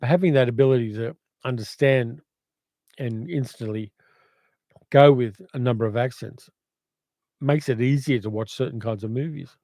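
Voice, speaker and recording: An older man with an educated Australian accent chats through a livestream, reading viewer comments aloud and wandering off into reflections. His voice is dark and mellow. The sound is dry and close. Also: mid-range voice, normal speed, long pauses, dry recording. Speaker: livestream host.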